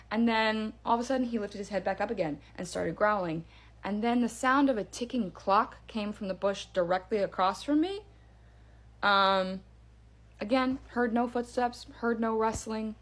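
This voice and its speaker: A woman telling her own spooky story in a casual, chatty way, with fillers and hushed drops for suspense. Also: medium pitch, normal speed. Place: parents' backyard by a campfire.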